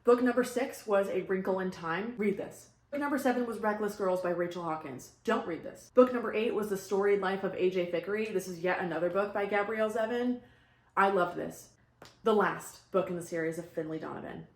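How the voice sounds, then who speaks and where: A young woman giving casual, blunt book reviews in a vlog, upbeat with quick asides. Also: medium pitch. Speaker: book vlogger. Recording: echoey room.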